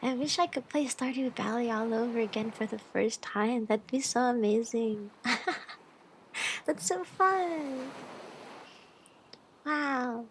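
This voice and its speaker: A bubbly woman streamer with a higher voice chats casually with her live audience, giggling and greeting viewers. Behind her there is a faint hum of room noise. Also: slow pace, pauses often, rough recording.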